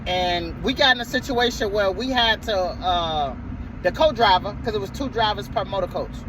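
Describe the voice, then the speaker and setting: A man's voice: high-pitched, expressive, normal speed, background noise. A man who drives a motor coach bus tells a story in a casual vlog, heated and profane, and he repeats himself.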